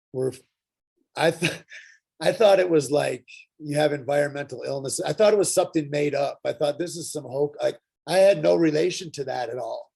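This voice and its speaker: A middle-aged man telling his personal recovery story at a workshop, earnest and halting, with frequent pauses and restarts. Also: on the high side, creaky, darkish tone, breathy edge. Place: Santa Fe.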